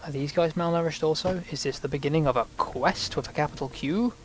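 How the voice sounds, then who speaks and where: A man's voice: on the high side, brisk, slight background noise. A man casually commenting on the game he is playing, rambling along with self-mocking asides. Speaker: gaming channel host. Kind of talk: casual let's-play commentary.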